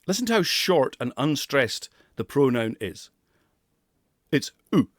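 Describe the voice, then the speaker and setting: A man's voice: medium pitch, sing-song, unhurried, no room sound, clean studio sound. A man coaching pronunciation who demonstrates sounds and laughs often. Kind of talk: pronunciation lesson.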